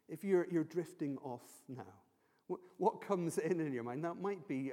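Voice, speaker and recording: A man's voice: a little high, normal speed, warm tone. A man preaching a sermon in an earnest, stumbling way, often restarting his words. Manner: earnest, many repeated restarts. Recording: long reverb of a large hall.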